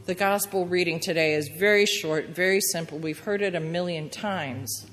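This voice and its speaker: A woman preaching a sermon, earnest and gentle, her voice sitting on the lower side. The sound carries a long reverb as if from a church hall. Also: moderate pace, few pauses. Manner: earnest, gentle storytelling with quoted prayers.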